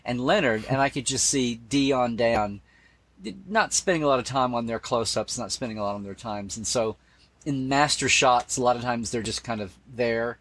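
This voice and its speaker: Husky-voiced man sharing fond memories. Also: medium pitch, moderate pace, a bit bright. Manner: enthusiastic storyteller, quoting lines and restarting sentences. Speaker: guest, Star Trek expert. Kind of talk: casual interview chat.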